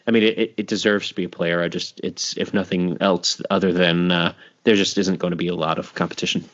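A man's voice: deep voice, flat delivery, a little fast, fairly bright tone, dull audio. A man hosting a podcast in casual chat, laughing often and trailing off into restarts. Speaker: podcast host.

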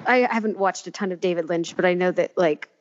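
A woman in casual chat, animated and giggly, with many fillers and restarts. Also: on the low side, quick pace. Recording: dull lo-fi sound with faint room noise.

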